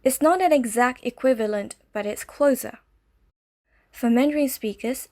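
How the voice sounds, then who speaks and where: A woman narrating a scripted language lesson, explaining step by step in a slow, clear way. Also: on the high side, a little mellow. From Malaysia. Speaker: language teacher.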